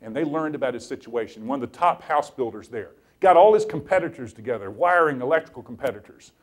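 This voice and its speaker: A middle-aged man giving a motivational talk, telling a story with lively, animated delivery and acted-out quotes. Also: medium pitch, quick pace. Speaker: inspirational speaker.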